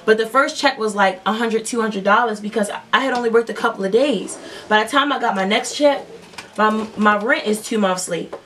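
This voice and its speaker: Young woman, vlogger, casual storytime, rambling, profane, mid pitch, slightly distant mic. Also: moderate pace, fairly bright tone, a little hiss or hum. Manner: rambling, profane, lots of fillers. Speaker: beauty vlogger. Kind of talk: casual storytime while doing makeup.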